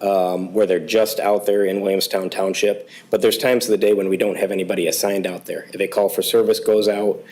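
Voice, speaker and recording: A police chief who is losing his voice, reporting to a township board in a halting way with many fillers. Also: deep voice, flat delivery, darkish tone, low-quality recording. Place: township board meeting room.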